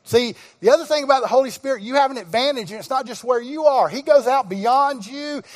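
A middle-aged man preaches in a fairly high voice, acting out conversations as he tells a story. He now and then breaks into shouts. His voice rings with the long reverb of a large church hall. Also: fairly quick. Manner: animated storyteller, acts out dialogue, bursts into shouts. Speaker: guest pastor. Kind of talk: sermon storytelling. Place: church sanctuary.

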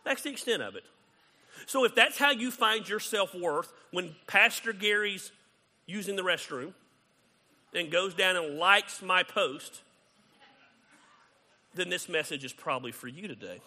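A man preaching a sermon as pastor, conversational and animated, acting out quoted exchanges. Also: high voice, unhurried, pauses often, big-room sound.

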